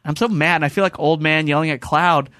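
A man's voice: a little high, quick pace, no room sound, studio quality. A man hosting a casual podcast chat, telling stories animatedly and acting out the voices of the people in them. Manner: animated storyteller, acts out quotes. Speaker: podcast host. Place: podcast studio.

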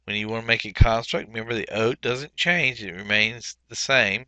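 A man teaching a Biblical Hebrew workbook lesson, explaining methodically step by step and pausing often with fillers. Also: lowish voice, sharp tone, no echo. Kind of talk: recorded workbook walkthrough lesson.

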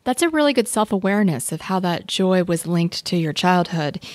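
A woman hosting a podcast, asking reflective, gently probing interview questions. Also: on the low side, very animated, normal speed, no room sound, studio quality. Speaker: podcast host.

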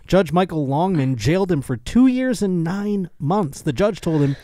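A man's voice: sits high, expressive, normal speed, hardly any pauses, warm tone, no room sound, clean studio sound. A man hosting a casual comedy podcast, reading news stories aloud and breaking off for jokey asides. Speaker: podcast host.

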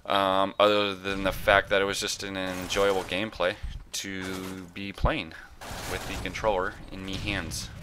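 A young man with a low, bright-edged voice talks over his gameplay in a loose, rambling way. He mocks himself, trails off, and swears casually. A faint hum sits under him. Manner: rambling, self-mocking, lots of filler and cursing. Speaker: gameplay commentator. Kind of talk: casual game commentary.

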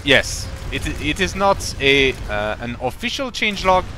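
A man's voice: fairly high pitch, sing-song, measured pace, sharp tone, slight background noise. A man commentating a strategy game live, explaining in a rambling, playful way with many fillers and restarts. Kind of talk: casual live-stream commentary.

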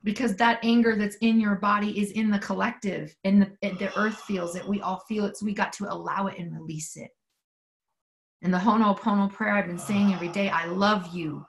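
Gravelly-voiced woman leading a spiritual session. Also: mid-range voice, fairly even intonation, fairly quick, a little hiss or hum. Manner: earnest, intimate, swears freely, leads call-and-response prayer. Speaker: spiritual workshop leader. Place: home in the mountains.

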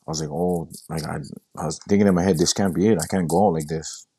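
Young guy, super deep voice, telling his story, stumbles and repeats a lot. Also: steady tone, mellow, breathy edge, dry recording. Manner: halting, repeats words, quotes himself. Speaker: guest sharing his story. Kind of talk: casual storytelling.

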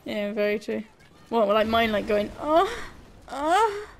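A woman's voice: mid-range voice, completely flat delivery, normal speed, slight background noise. A young woman streaming a shooter game, chatting casually with her viewers, joking, laughing and swearing freely. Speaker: gaming streamer.

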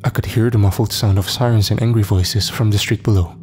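A man narrating a horror story in a measured, dramatic, scripted style. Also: fairly low pitch, fairly even intonation, a little mellow, a little hiss or hum. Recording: long reverb, faint music.

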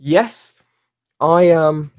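Very slow, with a clear, resonant, slightly mellow medium-pitched voice, a facilitator leads a casual online class through a mic with a fluffy cover. They read chat comments aloud and lean on fillers such as "like" and "you know."

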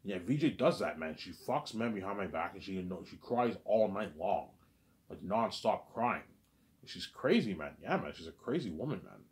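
A man's voice: deep voice, sing-song, moderate pace. A man delivering a rambling, agitated vlog monologue, stammering and repeating himself. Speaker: vlogger.

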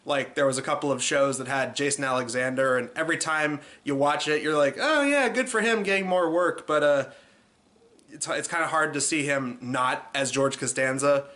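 A man's voice: mid-range voice, little pitch movement, moderate pace, sharp tone. A man hosting a comedic movie review in a casual, sarcastic way, with lots of "uh" and "like" fillers. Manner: sarcastic, loose, many fillers like "uh" and "like".

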